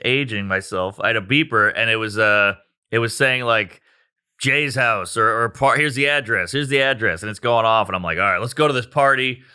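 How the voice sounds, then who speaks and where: A man telling a rowdy story in casual chat, animated and profane, acting out quotes with sound effects. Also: on the low side, moderate pace, clean tone. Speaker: comedian guest telling a story.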